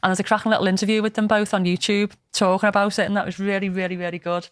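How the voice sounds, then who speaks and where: A woman's voice: mid-range voice, little pitch movement, rapid-fire, smooth, no room sound, clean studio sound. A woman, chatting casually as a podcast host and retelling a film plot with plenty of swearing. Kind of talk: casual storytelling chat. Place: podcast studio.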